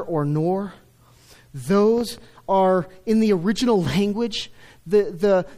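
A middle-aged man preaching a sermon, stressing key words loudly and then dropping to a hush. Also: sits high. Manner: emphatic, swings between loud stresses and hushed lines. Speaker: pastor.

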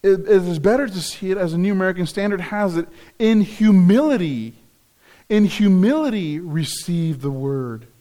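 A man's voice: sits high, lively intonation, moderate pace, warm tone. A man preaching a sermon as pastor, earnest and repeating key phrases for emphasis.

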